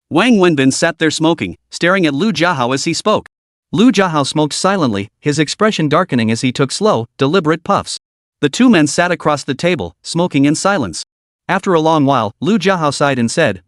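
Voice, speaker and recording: A man narrating a comic recap in a steady storytelling manner. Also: fairly high pitch, brisk, no room sound, studio quality. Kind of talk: scripted narration.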